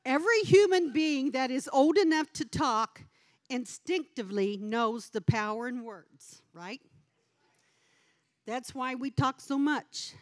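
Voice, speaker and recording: A woman's voice: sits high, slow pace. A middle-aged woman giving a devotional talk at a church gathering, telling a homey story in a chatty way and laughing often between lines. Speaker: lay speaker at a church gathering.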